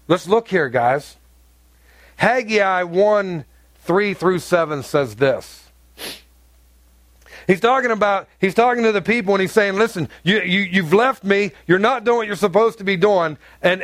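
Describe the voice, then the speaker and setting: Emphatic high-voiced male preacher. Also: dry recording. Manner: emphatic preaching with acted-out dialogue. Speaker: pastor. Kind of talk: sermon.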